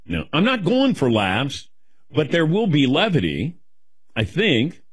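Animated husky middle-aged man. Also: fairly high pitch, measured pace, dry recording. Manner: self-deprecating, rambling, animated. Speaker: guest taking questions. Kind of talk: casual rambling chat.

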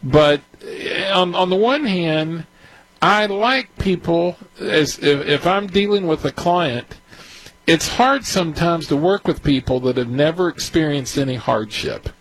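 A man who advises on real estate deals, talking unscripted and candidly, his voice climbing higher as he gets worked up. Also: measured pace, rough recording. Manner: candid, grows agitated and higher-pitched. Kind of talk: unscripted commentary.

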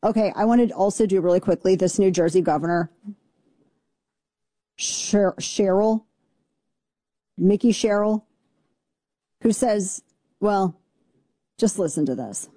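A woman's voice: mid-range voice, dark tone, dry recording, studio quality. Brash, sarcastic talk radio host woman. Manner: brash, sarcastic, fast-talking. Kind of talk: opinionated talk radio commentary.

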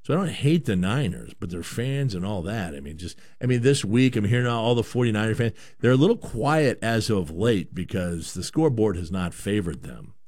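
A man's voice: on the low side, lively intonation, normal speed, few pauses, a little mellow, dry recording. A man born in Canada hosting a sports talk show, giving a rambling, opinionated monologue with lots of repeated words.

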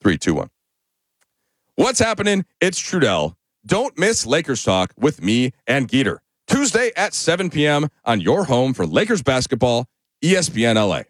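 A man's voice: medium pitch, very animated, normal speed, no echo. A man recording short radio promos in a studio with a punchy delivery. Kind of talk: reading promo liners in the studio.

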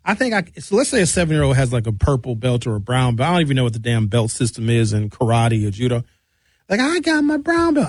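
A man's voice: medium pitch, dry recording. A man, talking in a casual monologue and acting out voices as he tells stories. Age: 50s. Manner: animated storytelling with shouted impressions.

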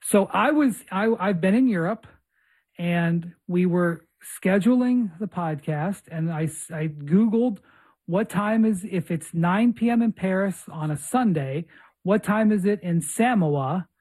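A man's voice: sits high, unhurried, a little mellow. A man hosting a podcast, chatting casually and telling long rambling stories about his own mix-ups. He pokes fun at himself and doubles back to restart his sentences as he goes. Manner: rambling storyteller, self-mocking. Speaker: podcast host. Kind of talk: casual chat.

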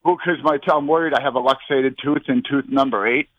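A man's voice: medium pitch, steady tone, fairly quick, no echo, phone-quality sound. A young man calling in to a radio show, out of breath, rambling in a scattered way. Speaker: regular caller. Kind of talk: rambling phone-in call.

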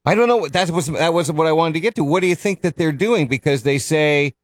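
A man's voice: fairly high pitch, a little fast, dry recording, studio quality. A man hosting a morning radio show, chatting casually and rambling a bit, correcting himself as he goes. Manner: rambling, self-correcting, chuckles.

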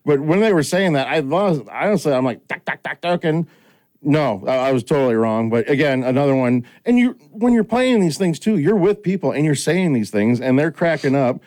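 This middle-aged podcast host has a voice on the high side and keeps a moderate pace. Hosting a casual chat, he spins lively stories and acts out what people said.

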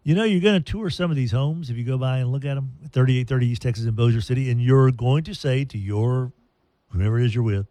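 A man's voice: mid-range voice, fast, warm tone, no room sound. A man hosting a talk radio show, reading sponsor ads in a chatty, rambling way. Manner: chatty, rambling, restarts mid-sentence. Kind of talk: live ad read on talk radio.

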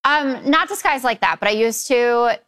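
A woman's voice: fairly high pitch, moderate pace, fairly bright tone, clear, resonant tone, no room sound, clean studio sound. A woman chatting casually on a talk show, easygoing and a little hesitant. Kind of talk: casual chat.

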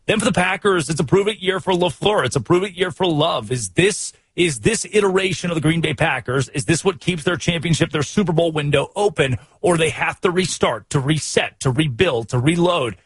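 An American man hosting a sports radio show, talking fast and emphatic with strings of rhetorical questions. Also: a little high, slightly rough, dry recording. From United States.

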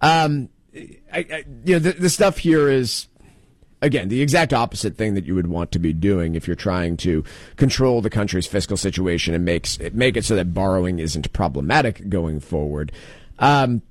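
A man's voice: deep voice, expressive, normal speed, no room sound. A man hosting a financial talk radio show, chatting loosely and jokingly and thinking aloud with plenty of fillers.

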